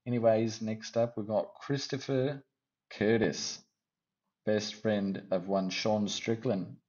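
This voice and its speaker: A man with a lowish, mellow voice rambles through his fight picks in a loose, joking way. He keeps tacking "eh?" onto his thoughts, and the recording sounds dull and lo-fi. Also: fairly even intonation, takes it slowly. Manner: rambling, jokey, tossing in "eh?" and "what can you do". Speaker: host of a fight prediction channel. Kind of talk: casual solo fight-pick commentary.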